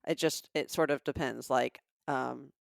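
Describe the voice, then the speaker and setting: A woman's voice: very deep voice, steady tone, unhurried, gravelly, no echo, clean studio sound. A woman in her fifties from the American South, co-hosting a podcast in a casual, chatty way with a Southern accent and frequent laughter. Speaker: podcast co-host. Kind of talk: casual chat.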